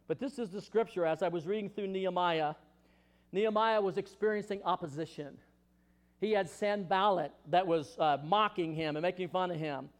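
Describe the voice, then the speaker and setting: A male pastor in full sermon, his voice sitting a little high for a man. He preaches with passion, moving between ringing emphatic questions and quiet, close asides. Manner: impassioned preaching, swinging from loud questions to hushed asides.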